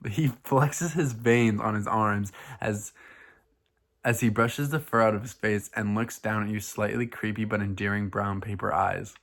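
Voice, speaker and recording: A man reading a silly fan fiction aloud for his vlog, in a deadpan, mock-dramatic way. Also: on the low side. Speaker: vlogger.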